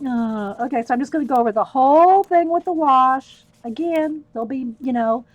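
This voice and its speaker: Chatty middle-aged woman, higher voice. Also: no room sound, dull audio. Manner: rambling, laughs often while telling stories. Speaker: art livestreamer. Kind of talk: chatty storytelling while painting.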